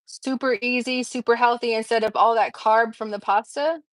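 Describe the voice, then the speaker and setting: A woman's voice: fairly high pitch, a little fast, no room sound. A woman hosting a casual livestream from her kitchen, chatting to viewers and laughing often. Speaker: livestream host.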